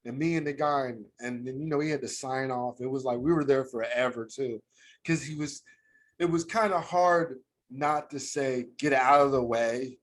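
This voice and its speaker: American male co-host, relaxed slangy storyteller, middle-pitched voice. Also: normal speed. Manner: casual, slangy, heartfelt storytelling. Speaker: podcast co-host. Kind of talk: casual storytelling chat.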